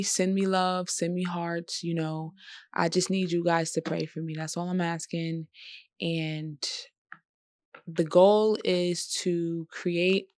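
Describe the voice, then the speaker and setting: A woman's voice: fairly low pitch, gravelly, no room sound, clean studio sound. A tired woman speaking earnestly and emotionally in a personal vlog, with speech. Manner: emotional, earnest, pleading at times. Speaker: vlogger. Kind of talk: personal vlog talk to camera.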